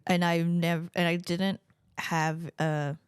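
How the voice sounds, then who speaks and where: Young New woman, dry low voice. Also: little pitch movement, slow, clean tone, dry recording. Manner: sarcastic, jokey, laughs often. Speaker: podcast co-host. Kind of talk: casual chat.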